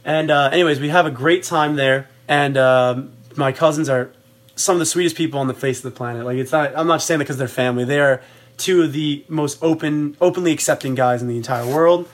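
A young man with a somewhat high voice tells a rambling, animated story with many fillers. He talks casually, as a podcast co-host. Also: brisk.

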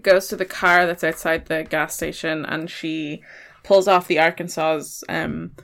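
A woman's voice: low voice, flat delivery, measured pace, creaky, fairly bright tone. Chatty woman picking apart a film. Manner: chatty, sarcastic, questioning. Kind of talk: casual film review chat.

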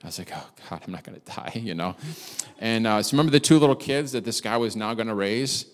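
A male pastor preaching quickly in a lower voice, spinning a personal story with plenty of asides and self-deprecating jokes. His voice rings out with a long hall reverb behind it. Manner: animated, chatty, self-deprecating humor. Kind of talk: sermon with storytelling.

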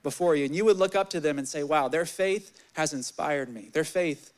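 A young man preaching a sermon, candid and animated, telling personal stories and reading scripture. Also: normal speed. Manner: candid and animated, swelling louder in stories, dropping low on scripture.

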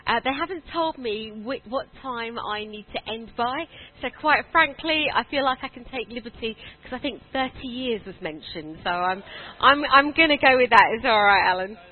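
A woman in her forties with a southern English accent, preaching a sermon and telling a personal story in a lively, self-deprecating way. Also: fairly high pitch, normal speed. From southern England. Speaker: guest preacher. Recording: tinny phone-like sound.

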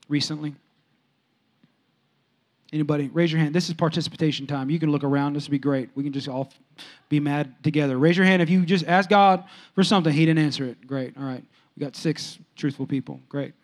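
High-pitched guy preaching, chatty storytelling, goes soft then suddenly loud and excited. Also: fairly quick. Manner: animated, jumps sharply higher and louder when excited, then drops soft; conversational, storytelling preacher with casual slang. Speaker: pastor. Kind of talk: sermon with audience interaction.

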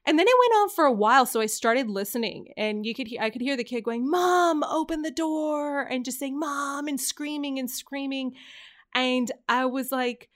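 Lady in her 30s, kinda high voice, rambling chatty story, keeps restarting. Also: a little fast, a bit bright. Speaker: podcast host. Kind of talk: casual storytelling chat.

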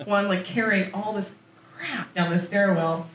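A woman's voice: mid-range voice, normal speed, fairly bright tone. A woman from Florida, a guest author, telling a long story in casual chat. She laughs often and acts out her own lines. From Florida, USA. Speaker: author on book tour, guest. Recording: roomy echo, distant mic, faint noise.

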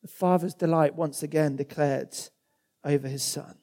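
Male preacher, warm higher voice, casual sermon, long hall reverb. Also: fairly even intonation, normal speed. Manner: conversational, with acted quotes and repeated words.

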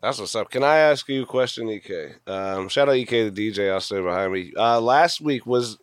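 A man's voice: on the low side, brisk, no echo. Chatty male host, dry sound. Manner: chatty, swears casually, says "like" a lot. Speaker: show host. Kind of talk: casual interview chat.

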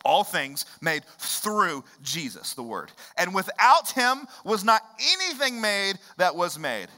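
A man in his thirties preaching a sermon in a church, swinging from loud emphatic bursts to low hushed lines. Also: very animated, slow pace, in a large hall. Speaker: pastor. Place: church sanctuary.

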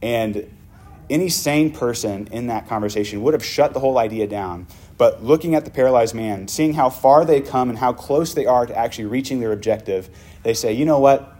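A male pastor preaching a sermon, vividly retelling a story and dropping to hushed tones. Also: mid-range voice, a little fast.

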